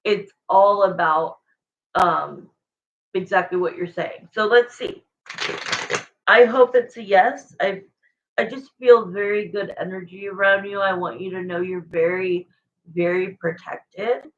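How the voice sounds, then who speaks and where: A woman's voice: medium pitch, a little slow, dull audio, background noise. A woman giving a live tarot reading to viewers in a rambling, emotional, chatty way, searching for words as she goes. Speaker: tarot reader.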